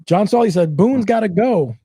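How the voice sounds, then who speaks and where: Man with a dark, dry voice. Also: sits high, expressive, normal speed, slightly rough, no echo. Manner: easygoing, reads out viewer comments. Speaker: podcast host reading viewer questions. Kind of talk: casual chat.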